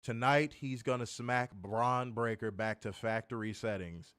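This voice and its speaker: A man's voice: medium pitch, unhurried, fairly bright tone, smooth, no room sound, studio quality. Exasperated man ranting a wrestling review. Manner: exasperated, profane, sarcastic, addresses listeners as y'all. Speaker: podcast co-host reviewing wrestling.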